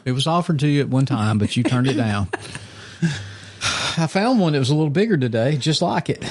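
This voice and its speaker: A man's voice: medium pitch, lively intonation, moderate pace. Joking man hosting a podcast. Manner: joking, teasing. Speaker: podcast host. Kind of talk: casual chat. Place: small podcast studio.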